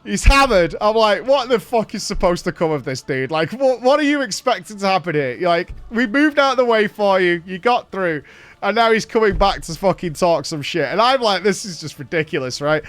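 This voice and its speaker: High-voiced guy telling a wild story, swears constantly, dry sound, bit of music behind. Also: brisk, no echo. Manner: animated, swears a lot, laughs through the story. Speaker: podcast host. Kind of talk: casual storytelling chat.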